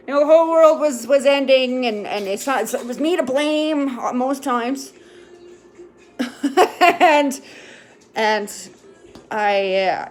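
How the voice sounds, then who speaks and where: A woman talking candidly in a casual rambling monologue, full of fillers and restarts, with occasional swearing and a tearful edge. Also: fairly high pitch. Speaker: vlogger sharing her recovery.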